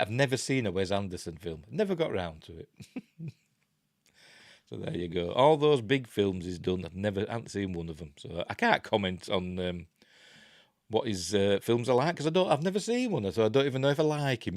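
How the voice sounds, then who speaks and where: A man's voice: fairly low pitch, lively intonation, fairly quick, no echo, studio quality. A man with a Yorkshire accent hosting a live news stream, reading articles aloud with chatty, joking asides.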